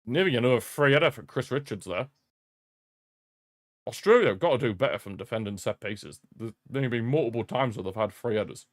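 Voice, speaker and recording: A young man with a medium-pitched, animated voice talks fairly quickly as he hosts a live football watch-along, chatting casually about the match with frequent laughter and repeated jokey rants. Recorded on a streaming desk mic, the audio is studio quality with no echo.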